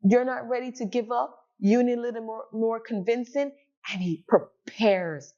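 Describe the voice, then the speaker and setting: A woman teaching a Bible study, slow and emphatic, who acts out the dialogue of the people in the story. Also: a little high, dark tone, dull audio.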